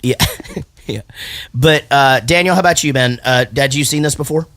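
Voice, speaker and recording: A man hosting a casual movie podcast and quiz, talking in an animated way, laughing often and swearing casually. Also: medium pitch, moderate pace, dry recording. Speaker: podcast host. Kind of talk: casual chat, quiz host.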